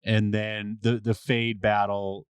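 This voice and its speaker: A man's voice: lowish voice, flat delivery, slow, smooth, no echo. Man musing and asking questions on a podcast. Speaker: podcast co-host. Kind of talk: casual chat.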